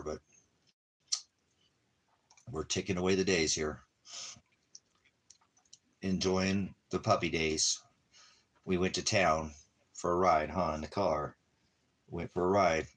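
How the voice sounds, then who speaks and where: A man talking softly to his dog in doting, repetitive baby talk, now and then addressing his viewers. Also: sits low, fairly even intonation, unhurried, pauses often. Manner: soft, doting baby talk with repeated phrases. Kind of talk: casual talk to a pet.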